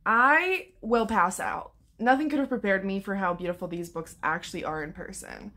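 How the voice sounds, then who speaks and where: Young female book vlogger, casual and excitable, swears freely, bright tense tone. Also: medium pitch, fairly quick. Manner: excitable, gushing, swears a lot. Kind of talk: casual vlog chat.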